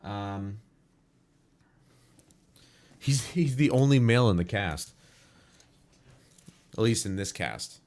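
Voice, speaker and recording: A man's voice: on the low side, expressive, takes it slowly, pauses often, darkish tone. A man hosting a casual gaming livestream, reacting aloud in a rambling, frank and opinionated way. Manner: rambling, musing aloud, frequent restarts.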